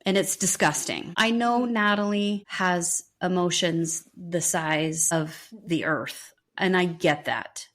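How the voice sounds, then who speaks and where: A woman co-hosting a podcast in casual chat about a reality show, earnest and quick to agree, quoting people in raised voices. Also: on the low side, a bit bright. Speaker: podcast co-host.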